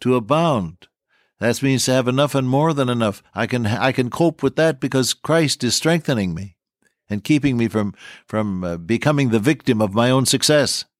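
A man's voice: medium pitch, moderate pace, no room sound, clean studio sound. An older man teaching the Bible on the radio, folksy and earnest, repeating his key lines. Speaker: radio preacher.

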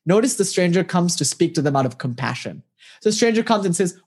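A spiritual teacher telling parables in an animated, casual way, often asking the listener rhetorical questions. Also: mid-range voice, fast talker, breathy edge. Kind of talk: storytelling talk with parables.

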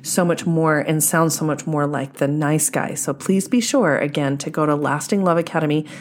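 Low-voiced woman dating coach. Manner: explanatory, steady and measured. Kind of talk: podcast monologue.

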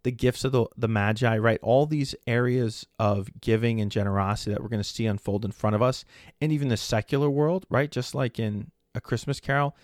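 A man's voice: medium pitch, steady tone, brisk, dry recording, clean studio sound. A man in his forties hosting a faith podcast, telling a family story in a conversational way, often checking in with "right?". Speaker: podcast host. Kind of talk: faith-based solo podcast talk.

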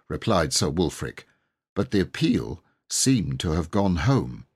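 A man narrating a classic children's book in an expressive storybook reading. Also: deep voice, a little slow, husky. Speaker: audiobook reader.

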